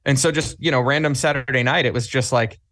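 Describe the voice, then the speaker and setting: Talking fast in a mid-range, fairly bright voice with fairly even intonation, this podcast guest, a club staffer, recounts stories with plenty of animation and performs the lines he once said. The recording is clean studio sound with no room noise.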